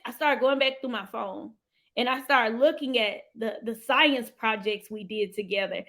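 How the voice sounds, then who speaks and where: A woman hosting a motivational live stream. She talks in an animated, heartfelt way, lets out sudden whoops and calls her viewers "y'all". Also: on the high side. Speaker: livestream host and financial coach.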